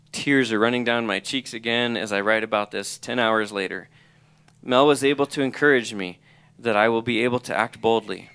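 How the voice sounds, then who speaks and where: A man's voice: medium pitch, fairly bright tone, smooth. A middle-aged man giving an earnest personal testimony, reading aloud from his own journal. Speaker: college president or ministry leader.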